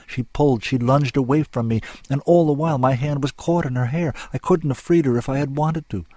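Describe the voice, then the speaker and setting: A man's voice: mid-range voice, a little fast, a little mellow, no room sound. A man reading a dramatic story aloud in an intense, lyrical, sombre manner. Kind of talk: scripted story narration.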